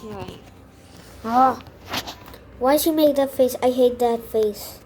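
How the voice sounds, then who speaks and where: A young woman with a high voice drawls slowly through her gaming session, muttering and grumbling in exasperation with sudden dramatic outbursts. A steady hiss of background noise sits under her voice. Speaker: gamer. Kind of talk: gaming commentary.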